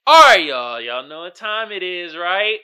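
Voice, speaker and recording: A man's voice: high-pitched, unhurried, clean tone. A man hosting his own podcast in casual, joking chat, talking straight to his audience. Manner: animated, joking, talks to the audience as "y'all". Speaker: podcast host.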